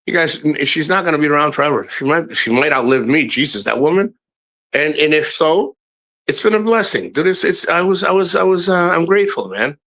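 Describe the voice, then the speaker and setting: Bright, rambling middle-aged man chatting frankly. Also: on the high side, expressive, brisk. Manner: rambling, frank, swears freely, many restarts; addresses viewers directly. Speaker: live streamer. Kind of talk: casual livestream chat.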